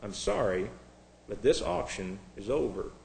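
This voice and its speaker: Man doing a persistent auctioneer, pressing for bids, slightly raised voice, lively pitch swings. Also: unhurried, reverberant, a little hiss or hum, poor audio. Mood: solemn. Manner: calling out bids, pressing the crowd. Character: male auctioneer, persistent and formal.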